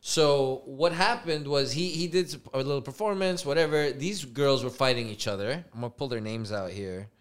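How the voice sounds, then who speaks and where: A man hosts a casual podcast chat, mid-pitched and easygoing. He walks his friends through clips in loose, slangy talk. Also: normal speed, few pauses. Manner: laid-back, laughs often, slangy. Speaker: podcast host.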